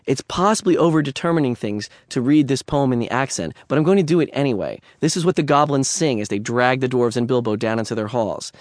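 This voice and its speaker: A man's voice: mid-range voice, lively intonation, fast, hardly any pauses, no room sound, clean studio sound. A man lecturing on literature in a conversational way, with digressions and wry asides.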